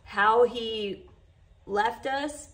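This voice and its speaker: A woman's voice: a little high, very slow, fairly bright tone. A woman chatting heartfelt to her followers in a casual vlog, full of "like" and "you know". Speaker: vlogger.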